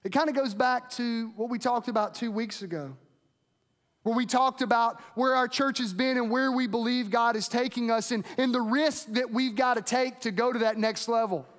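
A man's voice: extremely high pitch, steady tone, normal speed, fairly bright tone. A man preaching an earnest, conversational sermon as pastor, often repeating himself as he speaks. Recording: long hall reverb.

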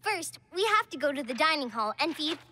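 A woman's voice: high-pitched, fairly quick. Kind, cheerful cartoon girl. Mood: friendly. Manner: calm, reassuring, giggly. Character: kind, cheerful young girl, a helpful friend. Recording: cartoon soundtrack with loud music.

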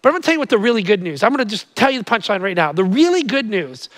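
High-pitched male preacher, dry close mic, energetic sermon delivery with many restarts. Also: very fast, no room sound, poor audio. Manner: energetic, stammering restarts, calls out to crowd; quiet and earnest in prayer. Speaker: pastor. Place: church auditorium with live audience.

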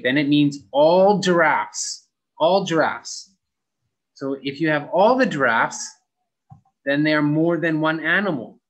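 A young adult man teaching an English grammar lesson, slowly stretching out key words as he models them for students. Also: a little high, a bit bright, low-quality recording.

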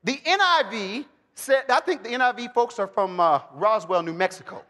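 A man teaching the Bible to a live audience, animated and joking, calling for responses and bursting into shouts. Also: sits high, normal speed. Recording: long hall reverb.

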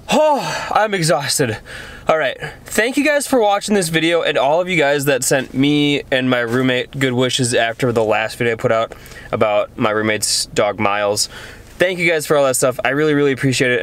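A man's voice: mid-range voice, fairly bright tone. A young man talking casually to his viewers on a handheld camera, outdoors in freezing weather and cold enough that it shows in how he talks. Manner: chatty, addresses viewers directly. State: cold, shivering. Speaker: vlogger. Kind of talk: casual vlog chat.

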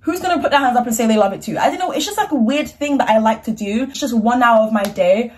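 A woman's voice: fairly high pitch, quick pace, a little mellow. A young woman vlogging in a chatty, slangy, frank way. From United Kingdom. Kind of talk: casual chat.

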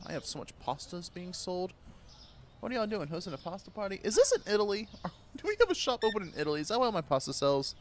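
Talking a little fast, this gaming YouTuber has a fairly high voice with big swings in pitch, and there's background noise. His gameplay commentary is crude and jokey, full of laughter and trash talk aimed at the game's characters.

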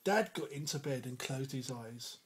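A man reading a picture book aloud to his child at home in a gentle, animated way. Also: mid-range voice, moderate pace, noisy background.

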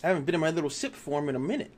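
A man commenting on a video game as he plays, excitable and swearing, laughing at his own fails. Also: fairly high pitch, very fast. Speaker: gaming YouTuber. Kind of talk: let's play commentary.

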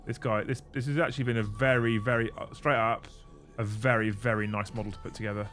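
A man's voice: lowish voice, steady tone, fast, fairly bright tone. A man hosting a casual livestream, chatting and thanking viewers while building models. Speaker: livestream host. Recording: faint music behind.

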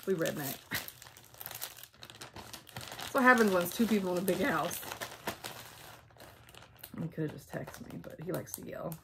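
A woman's voice: fairly low pitch, animated, normal speed, gravelly, long pauses, background noise. A woman chatting casually at home, bubbly and full of ums as she shows off craft supplies. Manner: chatty, bubbly, says um a lot. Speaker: flosstube vlogger.

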